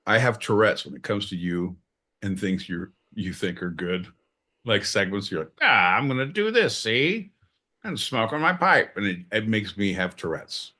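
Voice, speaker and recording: A podcast co-host with a low, slightly bright voice banters casually, swearing and teasing with a note of exasperation.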